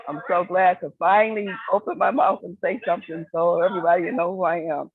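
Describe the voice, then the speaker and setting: A woman introducing herself for the first time on a call, shy but warm. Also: on the low side, fairly even intonation, brisk, husky, no echo. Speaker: panelist. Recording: tinny phone-line audio.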